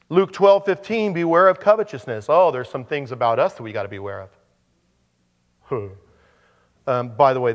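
Brief male pastor, mid-pitched, relaxed preaching with wry asides, long hall echo. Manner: conversational, joking asides. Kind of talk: sermon.

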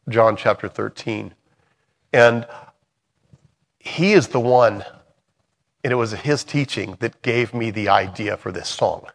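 A man's voice: mid-range voice, long reverb tail. A middle-aged man leading a Bible study. He talks earnestly and conversationally, then reads scripture aloud, often correcting himself as he goes. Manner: earnest and conversational, with many restarts while reading. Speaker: Bible study teacher and songwriter.

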